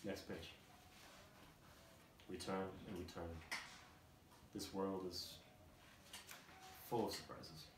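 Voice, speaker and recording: A man reads a storybook aloud with a mock-solemn, deadpan delivery. His voice sits low. He is heard from a distance in a roomy space with steady noise behind him. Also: slow pace, long pauses. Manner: deadpan, mock-emotional asides. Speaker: host. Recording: roomy, distant, noisy room.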